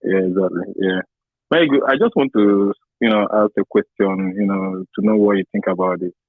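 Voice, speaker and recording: A man calls in over a thin, phone-like line, his voice sitting fairly low and dry. He talks in a relaxed, friendly way and fills his sentences with "you know". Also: brisk, dry recording. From Canada resident. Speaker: caller.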